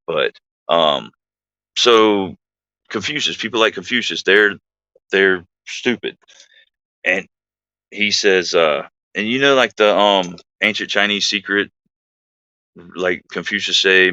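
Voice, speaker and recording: A man's voice: sits low, unhurried, sharp tone, no echo, dull audio. A man hosting a livestream, telling a rambling army anecdote in a casual way, full of fillers and asides to his chat. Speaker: livestream host, army veteran. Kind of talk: casual storytelling.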